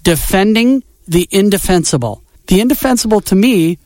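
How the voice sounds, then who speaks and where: A man's voice: high-pitched, lively intonation, moderate pace, darkish tone, no echo. A man co-hosting a casual music show, talking with wry, joking enthusiasm. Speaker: co-host. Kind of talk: casual podcast chat.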